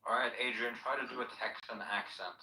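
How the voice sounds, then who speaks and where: A man's voice: medium pitch, fairly even intonation, a little fast, pushed and bright, a little hiss or hum. A blunt, dismissive man in a casual group chat who swears a lot, heard on roomy, distant chat audio. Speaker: chat participant.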